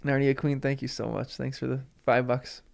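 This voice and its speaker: A man's voice: mid-range voice, level tone, normal speed, creaky. A man hosting a live stream, chatting emotionally with viewers and reading from a book aloud.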